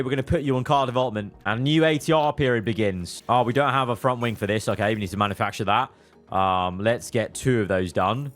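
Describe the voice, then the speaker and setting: A man giving casual, excitable commentary while playing a racing management game, exclaiming at events and muttering through his plans. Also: medium pitch. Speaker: gaming YouTuber.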